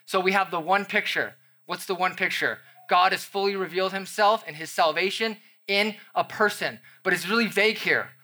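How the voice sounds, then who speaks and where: Man, young adult, pastor preaching, scripture exposition with acted-out scenes, bright forceful tone, slightly high voice. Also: moderate pace, hardly any pauses. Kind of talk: sermon.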